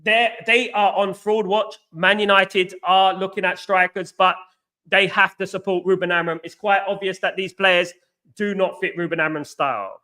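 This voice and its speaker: A man's voice: sits high, fairly even intonation, moderate pace, pushed and bright. A man with a London accent hosting a live fan stream, chatting animatedly and answering viewers by name with casual slang. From England. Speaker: fan channel host. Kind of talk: live stream chat reading comments.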